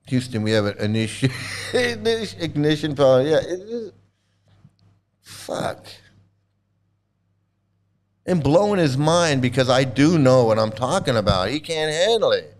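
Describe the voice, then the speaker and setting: A man's voice: medium pitch, sing-song, a little slow, long pauses. A middle-aged man ranting angrily at a video he is reacting to, abrasive and mocking, swearing constantly. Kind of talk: angry profane rant.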